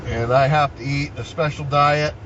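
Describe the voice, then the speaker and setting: A man's voice: on the high side, steady tone, normal speed, a bit bright, lo-fi sound, slight background noise. An older man vlogging from inside a vehicle, telling his story in a heated, swearing rant and often asking "right?". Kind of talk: angry personal rant.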